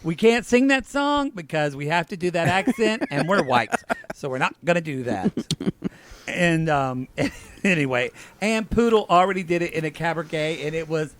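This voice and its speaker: A man co-hosting a podcast, chatting casually and campily about a reality show, often slipping into quick impressions of the cast. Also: fairly high pitch. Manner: animated, camp, quick impressions of cast members. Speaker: podcast co-host. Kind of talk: casual recap chat.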